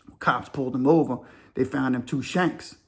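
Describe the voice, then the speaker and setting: A man runs a storytelling channel about crime and prison, speaking casually in street slang and driving his points home with pointed rhetorical questions. His voice is mid-pitched and his pace moderate.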